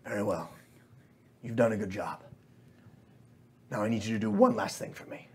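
A man's voice: fairly low pitch, moderate pace, a little mellow, husky. A man doing a cold, murmuring Fae master. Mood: menacing. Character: scheming male Fae master, cold and cruel.

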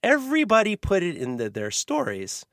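A man's voice: sits high, wildly swooping pitch, normal speed, gravelly, a bit bright, dry recording, clean studio sound. A man hosting a podcast, rambling with many restarts while giving blunt opinions. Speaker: podcast host, knife maker. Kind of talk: casual podcast chat.

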